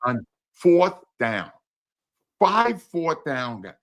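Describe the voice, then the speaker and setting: A man guesting on a sports talk show, a former radio host with a high, very bright voice. His pitch swings widely as he rants bluntly and sarcastically. He drops a mild curse now and then. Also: very animated, drawn-out words.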